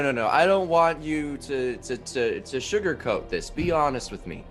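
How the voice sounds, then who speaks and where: A man's voice: a little high, expressive, moderate pace, a bit bright, soft background music. A man playing a tabletop role-playing game, joking casually and speaking in a grand, theatrical manner in character. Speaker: player.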